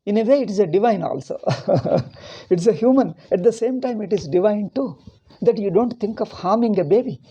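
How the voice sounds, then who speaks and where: Man, Indian English accent, husky, mellow tone, rambling impassioned religious talk. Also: sits high, lively intonation, normal speed, lo-fi sound. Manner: rambling and impassioned, with many restarts. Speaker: spiritual teacher. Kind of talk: religious discourse.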